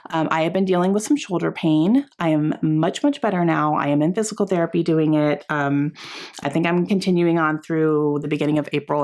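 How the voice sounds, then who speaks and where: A woman vlogger chatting casually to camera about books, often laughing and filling pauses with "um". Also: deep voice. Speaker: book vlogger.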